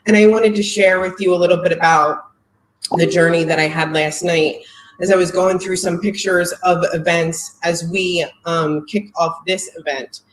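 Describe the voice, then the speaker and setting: A woman's voice: lowish voice, fairly even intonation, moderate pace, echoey room, a little hiss or hum, poor audio. A woman, a company marketing executive, giving a heartfelt, emotional live presentation on a video call, close to tears.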